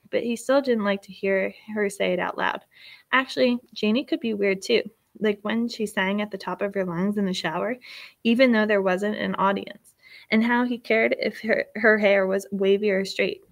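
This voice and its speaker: A woman reading a children's chapter book aloud in a steady, expressive way. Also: medium pitch, moderate pace, vocal fry. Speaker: storyteller. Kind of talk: storybook read-aloud.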